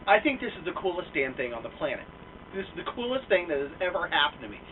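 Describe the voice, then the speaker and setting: Animated, profane young man on a tinny line. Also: on the high side, quick pace, recorded from a distance, a little hiss or hum. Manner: profane, animated, self-mocking, lots of fillers. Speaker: vlogger. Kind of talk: casual storytelling rant. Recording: tinny lo-fi sound from off mic.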